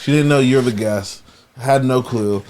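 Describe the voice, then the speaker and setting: A man's voice: mid-range voice, unhurried, darkish tone, a little hiss or hum. Man teasing in podcast banter. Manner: teasing, jokey interjections. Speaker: podcast co-host. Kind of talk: casual comedic banter.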